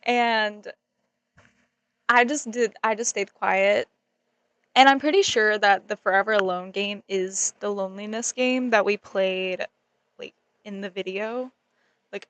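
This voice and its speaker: A young woman vlogger telling a story in a casual, animated way, giggling often and saying "like" a lot. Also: mid-range voice, no room sound. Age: young adult.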